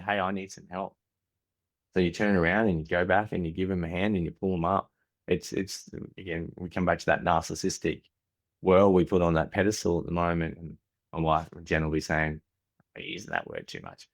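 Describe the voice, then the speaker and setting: A podcast guest, Australian and in his forties, tells candid stories in a low, steady voice at a fairly quick pace. He often starts sentences over and acts out conversations with family.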